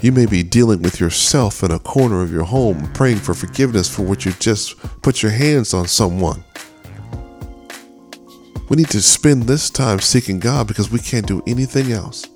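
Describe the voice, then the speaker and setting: A man's voice: on the low side, moderate pace, darkish tone, soft background music. A middle-aged man hosting a devotional talk, earnest, often repeating and restarting words as he speaks. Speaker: podcast host.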